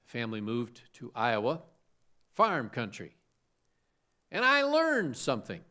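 A man's voice: medium pitch, huge pitch swings, a little slow, pushed and bright. A man preaching a sermon, from suburban Chicago, asking rhetorical questions and telling homespun stories. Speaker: pastor.

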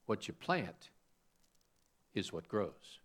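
Animated preacher with a lively voice. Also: male voice, lowish voice, takes it slowly, slightly rough. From suburban Chicago. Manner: animated preaching with rhetorical questions and homespun stories. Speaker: pastor. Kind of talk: sermon.

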